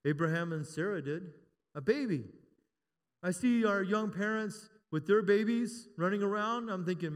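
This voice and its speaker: Long hall reverb surrounds this sermon, delivered by a pastor in his fifties with a high voice at normal speed. He trades jokes with the congregation before rising into emphatic calls.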